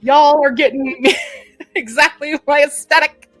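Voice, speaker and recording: A woman putting on an impression of a gushing celebrity woman, with loud, drawn-out exclamations. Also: sits high, soft background music, voice pushed up, rough recording. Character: gushing, over-the-top celebrity woman, delighted.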